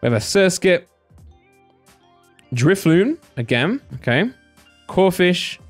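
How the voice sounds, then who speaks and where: A man with a slightly high voice hosts a casual pack-opening video. He talks in an excitable, chatty way, full of small fillers, while soft music plays underneath. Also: slow. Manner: chatty and excitable, with many fillers like "like" and "you know". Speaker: card-opening channel host.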